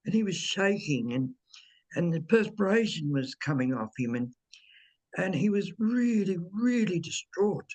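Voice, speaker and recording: Slow, husky woman storyteller. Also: lowish voice, very animated, darkish tone. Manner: hesitant, with fillers and repeated words; unhurried, dwelling on details. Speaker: medium telling her own ghost stories.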